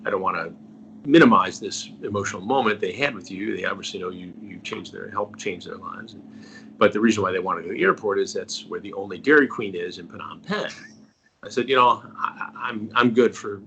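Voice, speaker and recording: A man's voice: low voice, a little fast, gravelly, fairly bright tone, slight background noise. A middle-aged man, a journalist being interviewed, telling a story earnestly and trailing off to a near-whisper at the ends of phrases. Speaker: investigative journalist, guest.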